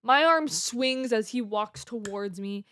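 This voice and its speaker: A woman's voice: a little high, slow pace, a bit bright, clean tone. A young woman in her twenties telling a casual story from her life at home. She talks chattily, laughs often and uses many fillers. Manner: chatty and giggly, with lots of fillers. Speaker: vlogger. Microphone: desk mic.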